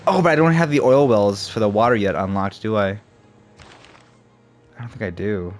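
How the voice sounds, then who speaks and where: A young gamer with a lowish voice provides casual let's play commentary at a moderate pace, thinking aloud and swearing as he plays, with faint game music in the background.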